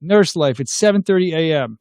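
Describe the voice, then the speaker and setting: A man in his thirties hosts a live talk show, animatedly telling a personal story, acting out the dialogue, and reading viewer comments aloud in casual livestream style. His voice is a little high and smooth, and he speaks fairly quickly. The recording is dry and studio quality.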